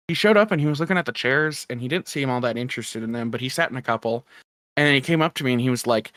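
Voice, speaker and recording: A man's voice: medium pitch, very fast, a bit bright, no room sound, clean studio sound. A man co-hosting a casual podcast, rambling through a story and laughing often. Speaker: podcast co-host. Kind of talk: casual chat.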